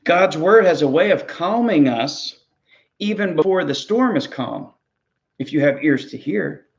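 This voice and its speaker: A man's voice: a little high, expressive, unhurried, creaky, highs cut off. A man, a ministry pastor, preaching a sermon in an earnest, conversational way, often repeating words as he goes.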